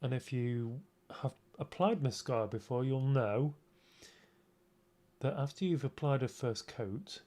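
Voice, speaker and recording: On a casual livestream, a male streamer with a warm, medium-pitched voice talks a little slowly through a makeup tutorial. He rambles, pokes fun at himself, and keeps restarting his sentences.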